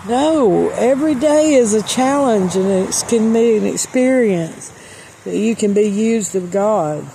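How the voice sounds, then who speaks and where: A woman's voice: fairly high pitch, measured pace, mellow, slight background noise. A middle-aged woman sharing a personal testimony and Christian encouragement, earnest and storytelling, repeating phrases for emphasis. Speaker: Christian vlogger.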